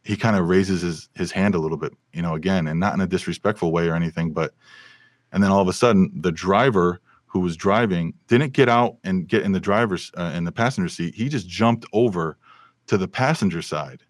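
A man's voice: sits low, fairly quick, no echo. A man, a film and television sound mixer, telling stories animatedly in a casual podcast interview. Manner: animated storyteller with many fillers and restarts.

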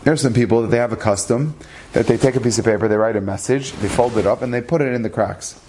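A man's voice: medium pitch, fast talker, dark tone, a little hiss or hum. A man telling a religious story as a lesson, earnest, acting out the dialogue and using Hebrew terms.

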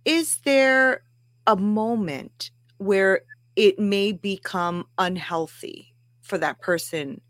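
A woman hosting a podcast talks frankly and animatedly, leaning on fillers like "um" and "you know." Her voice sits in a middle pitch and sounds dry and close to the mic. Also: slow, no echo. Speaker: podcast host. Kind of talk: casual interview chat.

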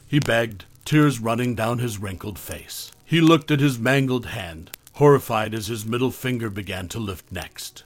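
Male horror narrator, measured delivery, mid-range voice. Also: mid-range voice, no room sound. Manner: measured, steady storytelling.

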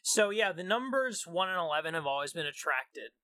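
Halting man with bright dry voice. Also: fairly high pitch, animated, no echo. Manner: halting, questioning, recapping. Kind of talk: casual comedy chat.

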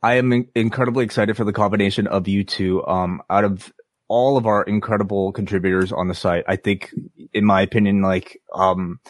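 A man co-hosts a podcast, talking casually but hesitantly with many fillers. His fairly low voice is fairly even in intonation and fairly quick, recorded dry with clean studio sound.

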